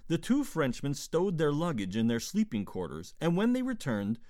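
Dry, lively male audiobook narrator. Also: a little high, moderate pace, hardly any pauses, no echo. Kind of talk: scripted narration.

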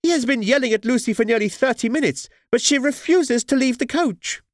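A man voicing a shrill, agitated noblewoman, the bride's mother, in an audiobook. He speaks in a hushed, urgent way. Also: very animated, moderate pace, no room sound, clean studio sound.

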